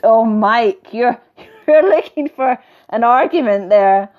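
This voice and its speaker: A middle-aged woman with a softened Scottish accent, talking casually on a live stream as a spiritual teacher, wandering off topic and laughing now and then as she coaches viewers. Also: on the high side, animated, slow, muffled recording. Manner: chatty and digressive, laughing often, coaching tone. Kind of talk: live-stream talk, reading viewer comments.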